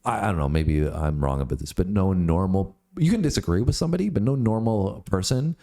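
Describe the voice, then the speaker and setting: Man, Canadian accent, very low pitch, dark mellow tone, rambling casual chat. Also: animated, fairly quick, vocal fry. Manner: chatty, rambling, joking. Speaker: co-host.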